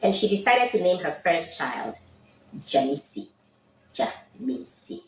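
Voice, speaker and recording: A woman with a very low, lively voice tells the story behind names in a measured way, stretching out the words that matter. She sounds as if she is in a reverberant room. A faint hiss of noise sits underneath. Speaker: speaker in a played clip. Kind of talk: explaining the meaning of names.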